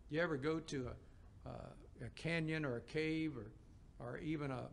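A man's voice: a little high, vocal fry. A man preaching a sermon in a folksy, conversational storytelling way, with emphatic rises.

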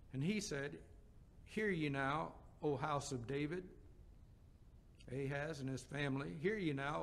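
A man preaching a sermon, explaining scripture passages with quotes and rhetorical questions. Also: a little high.

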